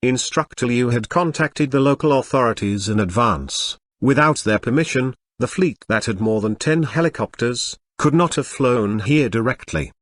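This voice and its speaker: A man narrating a web novel as an audiobook, with steady storytelling. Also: medium pitch, normal speed, hardly any pauses, no echo.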